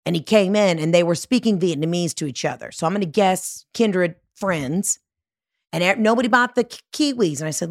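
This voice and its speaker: Sarcastic woman podcast host, a bit low-voiced, rambling comic monologue. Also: moderate pace, dry recording, studio quality. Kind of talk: casual comedic monologue.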